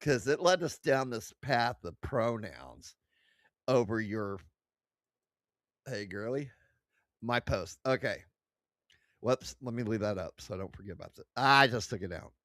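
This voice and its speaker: A man's voice: medium pitch, lively intonation, measured pace, pauses often, fairly bright tone, no room sound. A man hosting a livestream, reading chat aloud and mocking it, swearing and laughing often, close to his desk mic. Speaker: livestream host.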